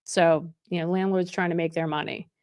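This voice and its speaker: A middle-aged real estate agent from New Jersey chats casually on a live stream in a fairly low voice at normal speed. She reads viewer comments and greets people by name with excited bursts, and the clean studio sound has no echo.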